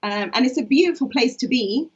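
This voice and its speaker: Woman poet, higher voice, chatty and reflective; muffled lo-fi video call. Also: lively intonation, fairly quick, slightly rough. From England. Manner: reflective, chatty, laughs often, many fillers. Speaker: poet and co-host. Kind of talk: casual online conversation. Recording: dull lo-fi online stream.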